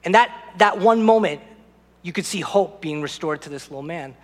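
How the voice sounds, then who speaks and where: A man's voice: sits high, animated, normal speed, long reverb tail. A man preaching a sermon as pastor, telling a personal story and speaking directly to the congregation.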